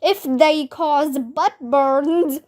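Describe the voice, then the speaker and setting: A woman voicing an excitable male teacher who shouts and frets dramatically in a storybook reading. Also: high voice, very slow. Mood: excited.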